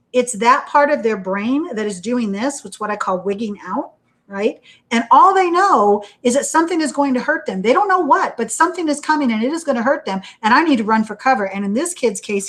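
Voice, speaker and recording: A woman giving a recorded university lecture in a conversational way, asking "right?" after almost every point and acting out panicked inner voices to make examples vivid. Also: mid-range voice. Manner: conversational, checks in with "right?" constantly.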